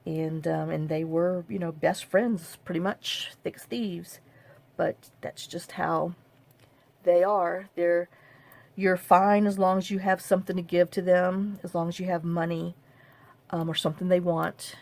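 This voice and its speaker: Woman, middle-aged, low gravelly voice, halting vlog storytelling. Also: fairly even intonation, a little mellow. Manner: halting, many fillers and repeated "I said". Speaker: craft vlogger. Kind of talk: personal storytelling to camera.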